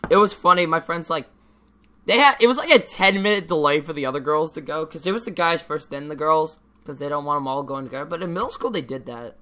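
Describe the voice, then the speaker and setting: A man's voice: a little high, fast talker, sharp tone. A teenage boy vlogging in a casual, rambling way, ranting and swearing freely with lots of fillers. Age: teens.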